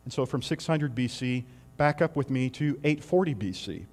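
A man's voice: mid-range voice, lively intonation, moderate pace, darkish tone, long reverb tail. A man preaching a sermon in a conversational way, asking rhetorical questions and adding wry asides.

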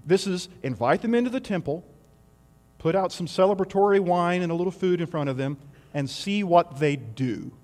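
A man preaching in a relaxed, conversational way, his fairly high voice carrying a long reverb through a large hall. He asks rhetorical questions and drops in wry asides. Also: normal speed. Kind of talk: sermon.

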